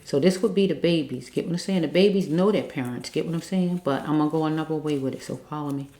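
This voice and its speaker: Low, mellow woman reading cards. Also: fast, reverberant. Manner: repetitive, keeps checking in with listeners; earnest, pleading. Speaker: card reader. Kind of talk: spiritual card reading monologue.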